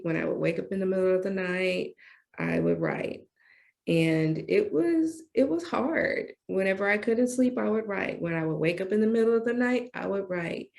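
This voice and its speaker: A middle-aged woman from the United States, a retired doctor and poet, telling her story in an interview with animated, emotional storytelling. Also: medium pitch, vocal fry. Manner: animated, acts out dialogue in other voices.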